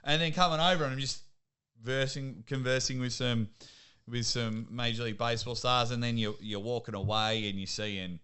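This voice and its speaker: A young Australian man, a sports commentator, chatting casually as a podcast guest and telling lively stories. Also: lowish voice, clean tone. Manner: lively storyteller, laughs at himself. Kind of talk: casual interview chat.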